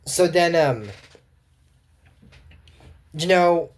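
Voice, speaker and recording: A man casually recapping a cartoon episode, rambling and often pausing with fillers and restarts. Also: on the high side. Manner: rambling, full of fillers and self-corrections. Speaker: cartoon commentary host.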